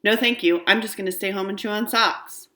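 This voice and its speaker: A woman's voice: medium pitch, brisk, bright, forceful tone, echoey room, voice pushed up, natural voice. A woman reading aloud, voicing a stubborn little girl who pretends to be a puppy and barks and growls playfully.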